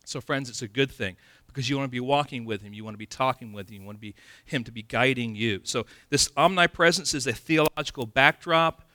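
A male pastor preaching a sermon in a lively, conversational way from California, acting out scenes with playful sound effects. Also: medium pitch, fairly quick, dry recording, studio quality.

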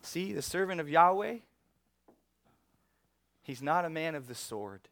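A man preaching a sermon to his church, talking animatedly and chuckling. His voice sits fairly high. The sound is close and dry. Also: a little slow, gravelly, dry recording. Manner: animated, conversational, frequent chuckles. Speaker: pastor.

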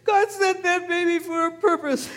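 A woman's voice: a little high, a little slow, a little mellow, in a large hall, natural voice. A woman acting as a humble shepherd who tells children an earnest first-person story in church. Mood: grieving. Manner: earnest, tearful in grief. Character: humble shepherd telling his Easter story. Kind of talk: first-person dramatic monologue. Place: church sanctuary.

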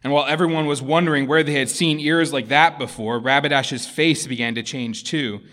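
A man's voice: fairly high pitch, fairly quick. Man preaching a sermon. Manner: expressive, storytelling delivery. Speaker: pastor.

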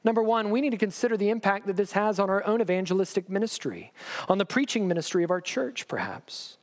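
A man's voice: high-pitched, expressive, quick pace. A man preaching a sermon, reading scripture aloud with pointed sarcastic emphasis and pressing the listeners with rhetorical questions. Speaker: pastor.

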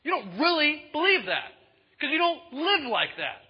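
A male preacher voicing an exasperated, demanding God who loudly rebukes a reluctant listener. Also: mid-range voice, lively intonation, normal speed, lo-fi sound, voice pushed down, close to an everyday voice. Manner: loud, rebuking, insistent.

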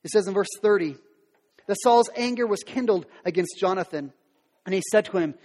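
A man's voice: high-pitched, fairly quick, a little mellow, in a large hall. A male preacher retelling a Bible story in a conversational sermon, with modern asides.

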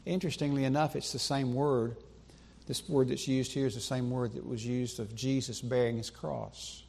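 A man preaching a sermon in a church sanctuary, emphatic, with slow deliberate pauses and repetition for stress. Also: medium pitch, fairly even intonation, vocal fry, a little mellow, husky. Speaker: pastor.

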